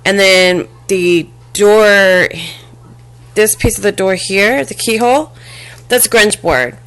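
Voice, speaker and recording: A woman casually showing a handmade craft box and mini album to the camera, halting often with fillers and restarts and apologizing as she handles things. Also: fairly low pitch, pushed and bright. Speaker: crafting vlogger. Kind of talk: casual show-and-tell craft demo.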